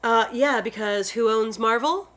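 A woman with a fairly high voice, chatting casually as a podcast co-host. She rambles from point to point and drops swear words without a second thought. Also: a little slow, a bit bright. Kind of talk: casual chat.

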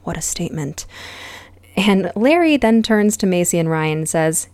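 A woman's voice: on the low side, expressive, normal speed, a little mellow, no echo. A woman hosting a podcast, recapping a reality show in a casual, sarcastic and profane way. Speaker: podcast host.

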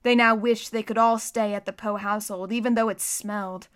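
A woman reading a children's novel aloud as narrator, expressive and acting out the scenes. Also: mid-range voice, fairly quick. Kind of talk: audiobook narration.

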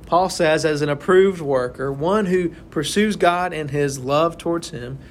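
Leading a relaxed Bible study, a young man gives an informal sermon to a small group, conversational and constantly asking "right?". His voice is a little high with a measured pace, and there's slight background noise.

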